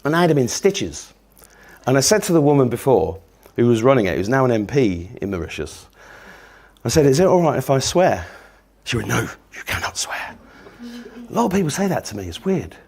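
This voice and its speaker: A man's voice: mid-range voice, very animated, fairly quick, darkish tone. An English man in his fifties, telling rambling, jokey stories to an audience and swearing freely. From England. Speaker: speaker. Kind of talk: casual storytelling talk.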